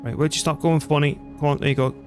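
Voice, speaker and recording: A man's voice: fairly high pitch, little pitch movement, fast, music in the background. Rambling British man streaming a game. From Britain. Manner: rambling, chatty, self-deprecating. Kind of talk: casual gameplay commentary.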